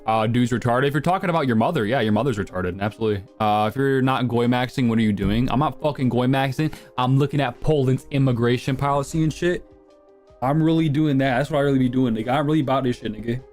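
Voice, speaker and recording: A young man streams live and talks back to his chat in a loose, crude, slang-heavy way. His voice sits at an ordinary middle pitch, and quiet music plays underneath. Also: fast talker. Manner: crude, provocative, slangy banter.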